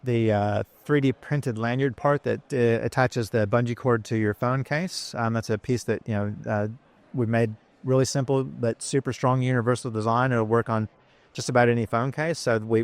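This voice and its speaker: A man tells the story of his business in a loose, conversational interview. He rambles and fills his talk with ums and you-knows, in an easygoing manner. His pitch sits in the middle range. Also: steady tone, normal speed, clean tone. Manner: chatty, rambling, many fillers. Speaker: business founder, guest.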